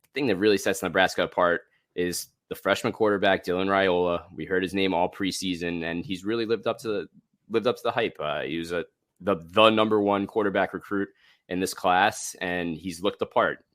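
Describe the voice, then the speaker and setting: A low-voiced man gives sports analysis on a podcast. He speaks in a measured way, with some halting and filler words. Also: steady tone, a bit bright. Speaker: sports reporter and co-host.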